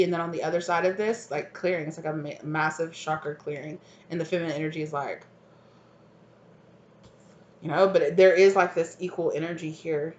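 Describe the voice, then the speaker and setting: A woman giving a casual, rambling tarot card reading, full of fillers and frequent laughs. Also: fairly low pitch. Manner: rambling, chatty, filler-heavy, laughs often. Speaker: tarot reader. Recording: roomy, slightly dull sound.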